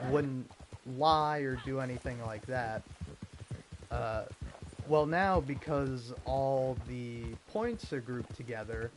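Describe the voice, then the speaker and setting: A man's voice: medium pitch, slight background noise. A man talking casually over gameplay, rambling and hesitant with many filler words. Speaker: gaming video host. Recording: voice over game music. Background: game music and horse hooves.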